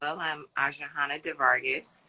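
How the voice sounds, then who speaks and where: A woman's voice: low voice, fairly even intonation, moderate pace, bright, forceful tone, low-quality recording. A woman actress being interviewed as a guest on a live online chat, cheerful and giggly, with plenty of ums. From United States.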